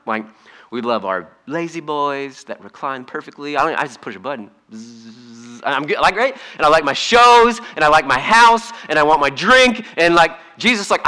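A man preaching a sermon in a conversational, humorous way, swinging between hushed asides and emphatic points. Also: a little high. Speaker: pastor.

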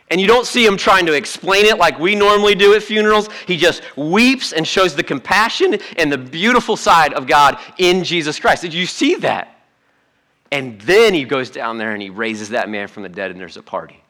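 Bright, animated man preaching. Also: on the high side. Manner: conversational and animated, joking asides. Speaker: pastor. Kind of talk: sermon.

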